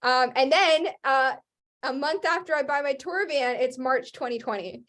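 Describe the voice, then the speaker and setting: A young woman with a voice sitting a little high tells her story on an interview show. She rambles through fillers and restarts and slips into lively acted-out voices for the people she quotes. It comes across as casual and animated. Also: normal speed. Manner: animated, acts out what people said. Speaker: guest, Christian rock singer.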